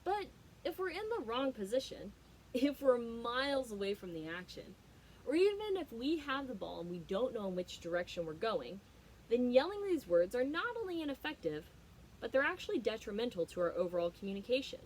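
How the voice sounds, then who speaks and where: A woman's voice: a little high, big pitch swings, a little fast, a little hiss or hum, rough recording. Emphatic young woman giving a keynote. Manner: emphatic, storytelling, frequent fillers. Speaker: leadership trainer and founder. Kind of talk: motivational keynote talk.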